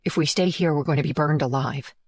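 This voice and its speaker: A man's voice: on the high side, brisk, no echo, clean studio sound, voice pushed up. A man doing a tough, urgent woman investigator. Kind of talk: audiobook character voice.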